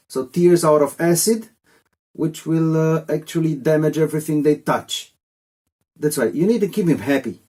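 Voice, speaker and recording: Male tutor, relaxed mellow tone, loose jokey delivery for a casual video lesson. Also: a little high. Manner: rambling, chatty, jokey asides. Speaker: language teacher.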